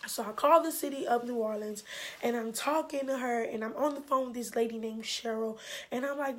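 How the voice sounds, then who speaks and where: A woman, telling a personal story in a candid, animated way and voicing the people she quotes. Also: on the high side, a little fast. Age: 20s. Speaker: vlogger. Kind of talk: emotional storytime.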